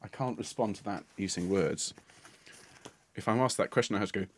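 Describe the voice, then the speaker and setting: A man's voice: on the low side, brisk, slight background noise. A British man leading a choir livestream, chatting in a playful, jovial way and laughing often. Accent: British English. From United Kingdom. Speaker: choir leader hosting a livestream.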